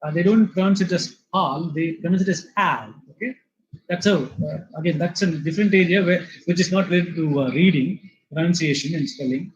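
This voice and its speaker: High-voiced man lecturing on vocabulary. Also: fairly quick, darkish tone, lo-fi sound. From India. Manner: explanatory, repeats words, many fillers. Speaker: English lecturer.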